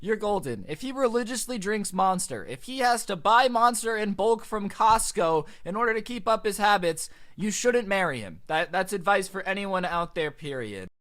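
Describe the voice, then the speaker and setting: A man telling a story casually over gameplay, chatty and animated, with lots of fillers. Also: high-pitched, normal speed, few pauses. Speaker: storytime narrator.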